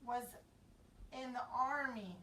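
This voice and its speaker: A young woman with a fairly high voice tells a Bible story to children, taking her time and acting out voices and sound effects along the way. Her voice comes from some distance from the mic. A faint room noise sits under it. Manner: slow, expressive, acts out voices and sound effects. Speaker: children's Sabbath school teacher.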